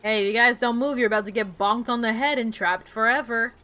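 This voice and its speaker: A woman's voice: a little high, fairly quick, pushed and bright. A woman streaming a game, chatting casually, muttering to herself and breaking into playful outbursts.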